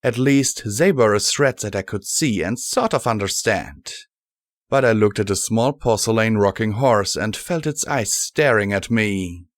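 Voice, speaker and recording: A man reading a fan-fiction audiobook in a measured, steady first-person narration. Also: fairly low pitch, no room sound, clean studio sound. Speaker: audiobook reader.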